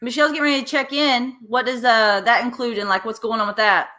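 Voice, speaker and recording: A woman's voice: on the high side, fairly even intonation, fast talker, bright, forceful tone. A woman hosting a casual chat, asking questions with lots of fillers and restarts. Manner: curious, asks questions with frequent fillers. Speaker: host.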